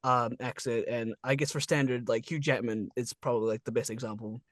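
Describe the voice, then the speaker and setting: A man hosting a casual interview over a video call, relaxed, laughing often and using many fillers. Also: mid-range voice, fairly quick, no room sound, studio quality. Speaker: interview host.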